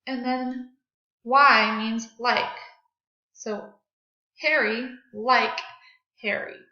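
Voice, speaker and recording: A woman teaches second graders grammar and phonics, speaking slowly and clearly, in a fairly high voice. She leads the children through drills, asking them to repeat words and clap them out. The lesson is recorded in an echoey room, with a dull, lo-fi sound. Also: fairly even intonation, sharp tone. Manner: slow, clear, encouraging teacher talk with call-and-response drills.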